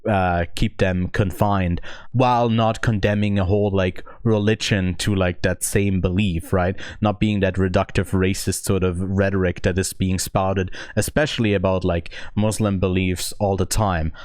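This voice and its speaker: A man's voice: low-pitched, flat delivery, moderate pace, darkish tone, smooth, no room sound, clean studio sound. A man co-hosting a podcast, chatting casually about a film, thinking aloud with lots of hesitant restarts. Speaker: podcast co-host, film reviewer. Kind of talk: casual film review chat.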